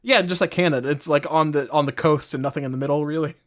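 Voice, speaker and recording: A man co-hosting a comedy podcast, rambling through deadpan bits in casual chat. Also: fairly high pitch, fast. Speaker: podcast co-host.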